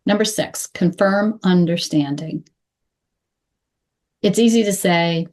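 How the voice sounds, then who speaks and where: A woman coaching clear English, speaking deliberately and modeling phrases slowly with pauses. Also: lowish voice, a little mellow. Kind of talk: instructional talk to camera.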